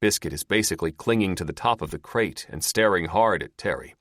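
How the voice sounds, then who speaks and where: A man narrating an audiobook in an expressive storytelling manner. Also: deep voice, a little fast, no echo, clean studio sound. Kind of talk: scripted narration.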